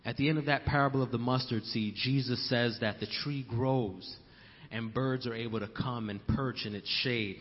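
A young male pastor preaches in a church, his voice ringing out with a long hall reverb. The sound is dull and lo-fi. He repeats his key lines and tells stories that build to loud emphasis. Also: medium pitch, fairly even intonation, moderate pace. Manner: repeats key lines for emphasis, calls listeners brothers and sisters; storytelling asides, rising to loud emphasis. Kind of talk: sermon. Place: church sanctuary.

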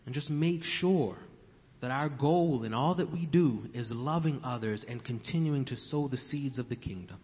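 A young male pastor preaches in a church, his voice ringing out with a long hall reverb. The sound is dull and lo-fi. He repeats his key lines and tells stories that build to loud emphasis. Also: mid-range voice, moderate pace. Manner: repeats key lines for emphasis, calls listeners brothers and sisters; storytelling asides, rising to loud emphasis. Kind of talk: sermon. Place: church sanctuary.

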